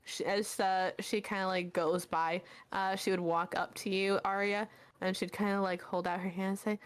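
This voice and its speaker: A woman running a tabletop game, describing scenes casually and loosely. She leans on fillers as she narrates, and her voice sits at a middle pitch. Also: level tone, moderate pace, clear, resonant tone. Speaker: game master.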